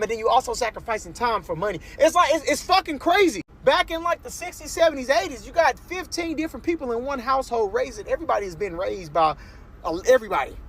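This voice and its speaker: Guy with a high voice going off about parenting, swears a lot, some faint noise behind. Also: fairly bright tone. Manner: blunt, profane, emphatic. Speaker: parent commenting on a clip. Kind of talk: casual commentary.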